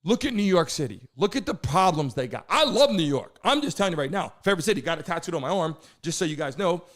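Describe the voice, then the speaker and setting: A man's voice: fairly high pitch, animated, fast talker, a bit bright. A man from New Jersey hosting a live political talk show, ranting in an indignant, profane way. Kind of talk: heated live-stream commentary.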